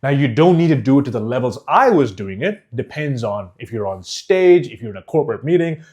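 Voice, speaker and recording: Animated man teaching public speaking. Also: mid-range voice, fairly quick, highs cut off. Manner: demonstrative, swings pace and volume from loud to whisper; emphatic, direct. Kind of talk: teaching course.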